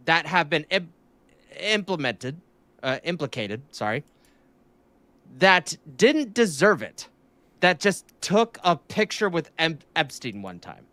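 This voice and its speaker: A man with a bright, somewhat high voice shares his views in casual talk. He stumbles, repeats words and clears his throat often. The sound is dry, with no room echo.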